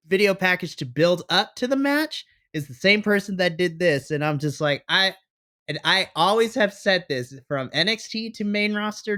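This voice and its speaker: Here a podcast co-host gives a casual, lively take on a wrestling show, playing out his own reactions as he goes. He has a somewhat high voice with a sharp tone.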